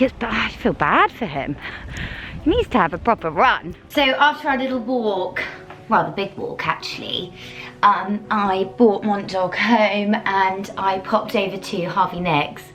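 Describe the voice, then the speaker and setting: A chatty English woman talks through her day for a vlog at a medium pitch. She gushes in a casual, rambling way and stops to coo at her dog in a high baby voice. Soft music plays faintly underneath. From England. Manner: chatty and gushing, with many fillers and asides. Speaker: vlogger.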